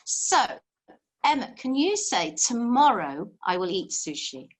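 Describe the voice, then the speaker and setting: A woman's voice: on the high side, very animated, unhurried. A woman teaching a live online language lesson, explaining patiently step by step and encouraging her students over a video call.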